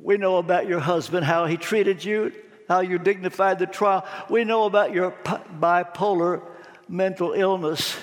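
A man voicing a gentle, approving heavenly judge inside a sermon, speaking tenderly and slowly. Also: sits high, fairly even intonation, lightly acted. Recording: long hall reverb.

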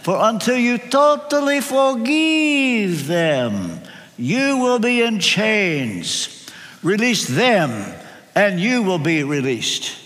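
A man's voice: high-pitched, big pitch swings, a bit bright, in a large hall, voice pushed up, heavily acted. A man putting on a firm Romanian-accented old friend. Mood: firm, urging. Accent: Romanian, put on. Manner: slow, emphatic, commanding. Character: older Romanian male friend, firm and insistent.

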